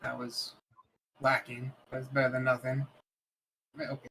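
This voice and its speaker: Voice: mid-range voice, monotone, a little slow, creaky, fairly bright tone, slightly rough, rough recording. Player getting all fired up over dice rolls, chatty and casual, medium voice. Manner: hyped, trash-talking the dice. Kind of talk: casual play at a tabletop game.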